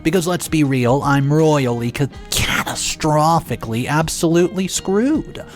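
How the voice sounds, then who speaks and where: A man narrating a dramatic first-person story in a sarcastic, exasperated and animated way. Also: on the high side, measured pace, faint music behind.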